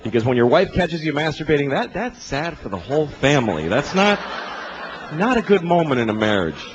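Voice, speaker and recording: A man in his forties works through an exasperated, self-deprecating stand-up routine full of swearing. His voice sits slightly high and leaps across a wide range when he acts out other people. The live recording carries a steady wash of noise. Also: a little fast, lo-fi sound. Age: 40s. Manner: acts out quoted voices with big pitch swings. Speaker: stand-up comedian.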